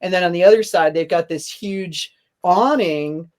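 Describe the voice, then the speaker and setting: A woman's voice: on the low side, moderate pace, darkish tone. A woman hosting a podcast, chatting casually in a rambling way and laughing often. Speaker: podcast host. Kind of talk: casual chat.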